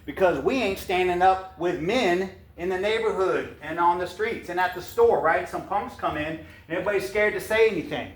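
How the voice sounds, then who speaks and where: A man hosting a podcast reads aloud from a book and breaks off into blunt, folksy, fired-up rants, mixing casual commentary with the reading. His voice is high, at a moderate pace with few pauses.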